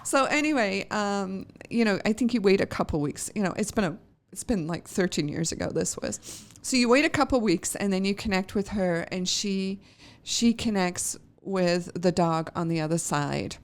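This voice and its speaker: A woman's voice: mid-range voice, normal speed. A middle-aged woman hosting a podcast, telling a personal story casually and emotionally, with frequent laughs and many fillers and restarts. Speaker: podcast host.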